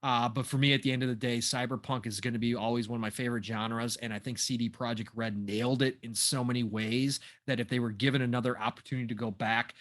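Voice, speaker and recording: A man in his forties co-hosting a gaming podcast, easygoing and quick to laugh. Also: medium pitch, steady tone. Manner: easygoing, laughs often, trails off softly. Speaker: podcast co-host. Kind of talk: casual gaming podcast chat.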